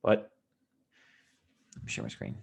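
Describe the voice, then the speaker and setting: A man telling a story to his viewers in a casual, rambling way, sounding tired, often restarting and dropping into a quiet mutter. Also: measured pace, slight background noise. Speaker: vlogger.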